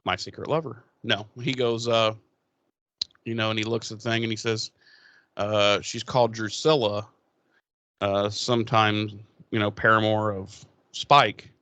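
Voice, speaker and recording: A man's voice: fairly low pitch, fairly even intonation, unhurried, bright, forceful tone, no echo. A man co-hosting a podcast, recapping an episode in loose, profane, casual chat and paraphrasing the characters' lines as he goes. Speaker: podcast co-host.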